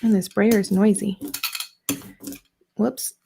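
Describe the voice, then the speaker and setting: A woman in her thirties hosts a relaxed craft livestream, rambling and playful as she greets viewers. Her voice has a gravelly fry to it. She talks at an unhurried, slow pace. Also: mid-range voice, noisy background. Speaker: art journaling livestream host. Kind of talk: casual livestream craft demo.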